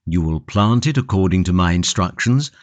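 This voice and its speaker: A man's voice: deep voice, animated, moderate pace, no room sound, highs cut off. A man voicing a passionate, stoic imprisoned tulip grower in an audiobook, grave and impassioned. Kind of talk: audiobook character reading.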